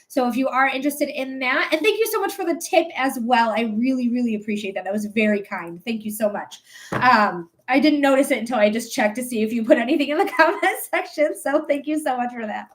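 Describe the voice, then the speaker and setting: A woman in her thirties with a high, bright voice tells a long story on a live stream. She talks in a chatty, animated way, full of ums and casual swearing. She keeps breaking off to thank her viewers by name. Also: brisk, poor audio. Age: 30s. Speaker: psychic streamer.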